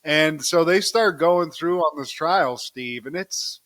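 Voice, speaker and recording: A man's voice: a little high, takes it slowly, fairly bright tone. A man co-hosting a podcast, recapping a cartoon episode in a casual, profane, joking way and keeping his co-host in the conversation.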